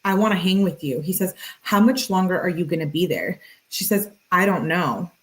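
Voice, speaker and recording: True-crime host, female, lowish voice, reads message logs plainly and drops in offhand remarks. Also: lively intonation, normal speed, rough recording. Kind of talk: reading text messages aloud with casual asides.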